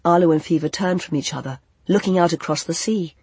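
Breathy, soft-voiced audiobook narrator. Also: mid-range voice, fairly quick, few pauses, no echo. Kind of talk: scripted fantasy narration.

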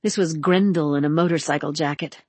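A woman reads an audiobook in a steady, expressive way. Her voice sits fairly low. The sound is close and dry. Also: fairly quick, husky, dry recording. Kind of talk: audiobook narration.

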